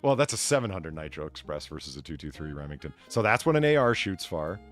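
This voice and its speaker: Animated joking man hosting a livestream. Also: very deep voice, fast, soft background music. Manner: swearing, joking, loud bursts of laughter. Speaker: stream host. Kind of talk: casual livestream chat.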